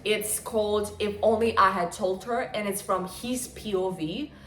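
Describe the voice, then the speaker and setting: A woman's voice: medium pitch, measured pace, fairly bright tone, a little hiss or hum. A young woman in her twenties talks through her favorite reads in a loose, chatty way, with plenty of fillers along the way. Her voice sits in an ordinary middle register. The sound is roomy and echoey. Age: 20s. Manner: gushing, chatty, with lots of fillers. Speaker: book vlogger. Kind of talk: casual chat. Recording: echoey room.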